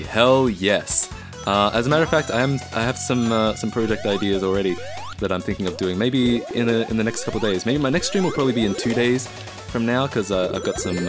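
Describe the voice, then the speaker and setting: A man from Australia chatting casually on a live stream, rambling as he reads and answers the chat. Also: on the low side.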